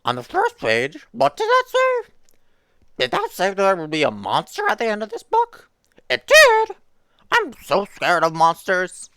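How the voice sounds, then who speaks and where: A woman voicing a furry male monster puppet from a storybook, anxious and pleading in a high, strained voice. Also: huge pitch swings, a little slow, fairly bright tone, no echo, full character voice. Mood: worried.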